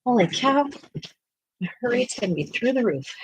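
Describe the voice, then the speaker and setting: A woman's voice: medium pitch, expressive, quick pace, darkish tone, breathy edge, no echo, low-quality recording. A woman co-hosting an art channel, chatting casually at home, out of breath and exclaiming. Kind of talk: casual chat.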